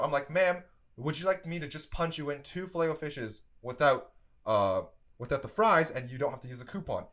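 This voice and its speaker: A young man casually telling a story about his old fast-food job, animated and exasperated, with lots of "like". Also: a little high. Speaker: streamer telling work stories.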